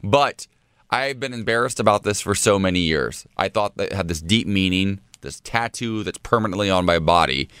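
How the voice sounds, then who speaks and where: Lower-voiced man hosting a radio show. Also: normal speed, clear, resonant tone, no echo, clean studio sound. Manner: animated, laughs often. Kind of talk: casual radio banter.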